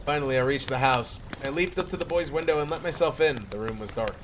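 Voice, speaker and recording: Man, playful mock-dramatic reading of a comic horror story, slightly high voice, faint hiss behind. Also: fast talker. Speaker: creepypasta reader.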